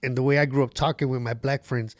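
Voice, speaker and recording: A man's voice: mid-range voice, fairly even intonation, fast, dry recording, clean studio sound. A man, a comedian guest on a podcast, telling stories in casual chat, swearing a lot and acting out the voices of people in his anecdotes. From Los Angeles area.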